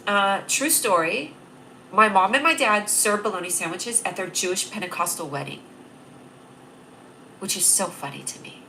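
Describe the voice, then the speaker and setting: A woman's voice: mid-range voice, pushed and bright, a little hiss or hum. A young woman hosting a casual livestream, bubbly and rambling, laughing at her own jokes. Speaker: livestream host.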